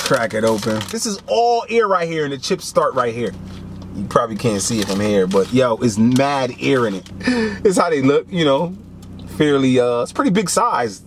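A young man hosting a casual snack taste-test vlog, animated and joking, with lots of slang. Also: on the high side, moderate pace, background noise. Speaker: snack reviewer.

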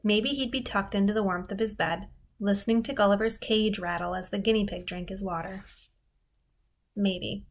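A woman's voice: medium pitch, moderate pace, vocal fry. Woman reading a novel aloud. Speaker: reader.

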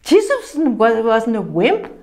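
Woman preaching, high-ish voice, chatty and lively, acts out little quotes. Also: takes it slowly. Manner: lively, conversational, laughs often, acts out quotes. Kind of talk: sermon.

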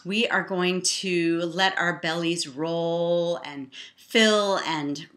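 Slow, bright-voiced woman leading laughter. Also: on the low side, fairly even intonation. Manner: cheery, encouraging, bursts into loud laughter and cheers. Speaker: laughter yoga teacher. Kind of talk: guided laughter exercise.

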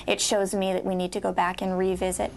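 Patient woman tutor with gravelly voice. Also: medium pitch, little pitch movement, quick pace. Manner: patient, encouraging. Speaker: reading tutor. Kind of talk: one-on-one tutoring.

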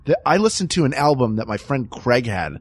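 A man's voice: medium pitch, sing-song, brisk, slightly rough. A young man co-hosting a casual comedy podcast, talking in a loose, rambling way and slipping into accents when he quotes people. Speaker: podcast co-host.

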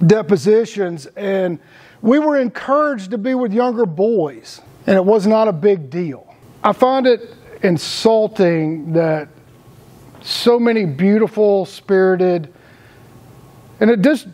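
A man's voice: high voice, a little mellow. A man giving an impassioned, indignant personal monologue as a channel host. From Texas. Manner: impassioned, indignant, swings between fast and slow emphatic delivery.

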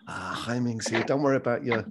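A man's voice: medium pitch, a little fast, noisy background. Chatty, laughing English man hosting a call. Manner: friendly, laughs often, chatty. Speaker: host of online forum. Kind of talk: casual video call chat. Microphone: video call.

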